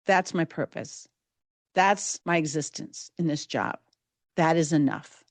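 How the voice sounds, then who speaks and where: Middle-aged female podcast host, storyteller; measured, vivid narration with dramatic build; dry, close sound. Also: fairly low pitch, dry recording. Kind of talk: first-person true storytelling.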